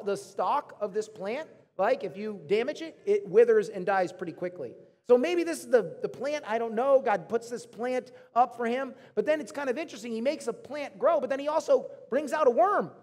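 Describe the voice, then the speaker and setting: A man's voice: very high-pitched, a little mellow, in a large hall. A man in his thirties preaching a casual, conversational sermon to his congregation, often acting out the voices of the people in his story. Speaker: pastor.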